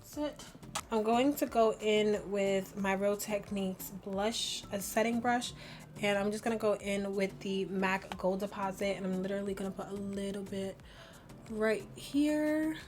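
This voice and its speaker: A woman's voice: mid-range voice, unhurried, darkish tone. A young woman chatting through a makeup tutorial, rambling and peppered with "like", laughing at herself as she goes. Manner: rambling, chatty, heavy use of "like". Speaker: beauty vlogger. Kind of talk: get-ready-with-me makeup tutorial chat.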